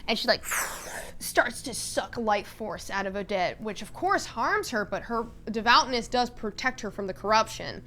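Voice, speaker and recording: A woman's voice: mid-range voice, lively intonation, measured pace, fairly bright tone, slight background noise. A woman vlogger telling an enthusiastic, casual story, full of "like" and fillers. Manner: enthusiastic, filler-heavy with lots of "like".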